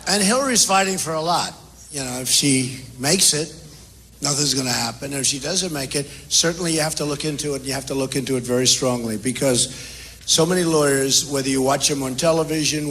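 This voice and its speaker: A man's voice: medium pitch, fairly quick, fairly bright tone, a little hiss or hum. An older man answering questions at a town hall, repetitive and boastful, talking off the cuff. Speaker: presidential candidate at a town hall. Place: large indoor hall with audience.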